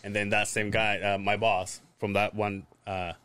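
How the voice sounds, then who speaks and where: A man's voice: fairly low pitch, little pitch movement, normal speed, a bit bright, clean tone, dry recording. A man co-hosting a podcast in casual chat, rambling through stories and swearing, with many restarts. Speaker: podcast co-host.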